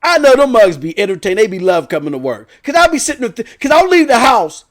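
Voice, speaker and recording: A man hosting a gaming news stream, telling a rambling story in a loud, animated way. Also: very high-pitched, fast talker. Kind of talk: casual storytelling rant.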